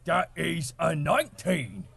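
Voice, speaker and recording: A man playing in a tabletop game, chatting in a playful, excitable way. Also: fairly high pitch, slow, vocal fry, slightly rough. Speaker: player.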